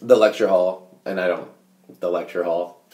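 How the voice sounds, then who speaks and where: As a podcast guest who owns a coffee business, a man chats in a laid-back, joking way, often trailing off mid-sentence. His low, warm voice holds a steady tone at normal speed, recorded in an echoey room.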